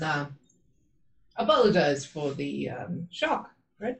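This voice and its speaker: A woman speaks in character during a tabletop game, slow and stumbling over her words. Her pitch swings widely up and down. The recording carries a roomy echo. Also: sing-song, distant mic. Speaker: player. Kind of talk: in-character tabletop role-play.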